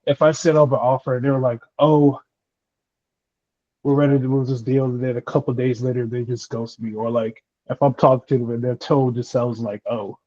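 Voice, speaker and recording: A man's voice: mid-range voice, fairly even intonation, fairly quick, few pauses, warm tone, no room sound, muffled recording. A man calling into a live Q&A, asking hesitantly and filling with "like". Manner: hesitant, fills with "like". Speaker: caller asking questions. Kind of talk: casual Q&A question.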